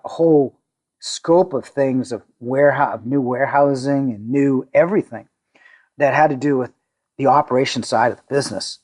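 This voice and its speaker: A middle-aged man from the Boston area, a company CEO, talking casually in an interview, with frequent restarts and fillers. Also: medium pitch. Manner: halting, many restarts and fillers, self-deprecating.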